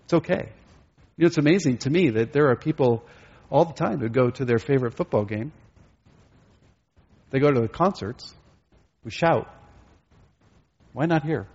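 A man's voice: fairly high pitch, moderate pace, long pauses, a little mellow, highs cut off. A male pastor preaching a sermon, asking his listeners rhetorical questions.

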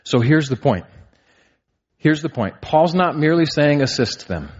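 A man's voice: on the high side, lively intonation, a little slow. A man in his thirties preaching a sermon, earnest, asking rhetorical questions and building to emphatic peaks. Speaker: pastor. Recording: slightly dull, muffled sound.

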